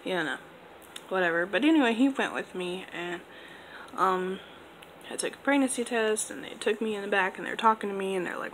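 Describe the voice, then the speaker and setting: A woman's voice: medium pitch, a little fast, fairly bright tone, a little hiss or hum, low-quality recording. A young woman in her twenties casually telling a personal story to camera, rambling with lots of fillers. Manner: rambling, filler-heavy, laid-back. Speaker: vlogger.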